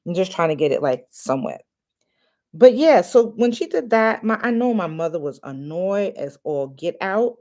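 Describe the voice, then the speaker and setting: A woman's voice: fairly low pitch, sing-song, moderate pace, darkish tone. A middle-aged woman chatting casually through a hair tutorial, confiding and full of fillers, recorded on a phone. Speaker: natural hair vlogger.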